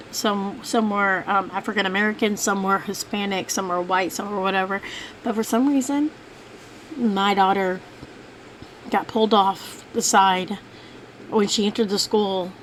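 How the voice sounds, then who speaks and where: A woman's voice: mid-range voice, a little hiss or hum, poor audio. A woman telling a long, rambling personal story as a mother in a casual vlog, with many fillers and restarts. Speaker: vlogger, mother.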